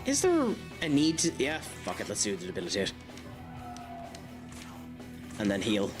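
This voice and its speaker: A man with an Irish accent and a fairly low voice streams a video game live, his pitch swooping wildly at a moderate pace. Between fights he chats and jokes with viewers, full of fillers, with game music playing behind his voice.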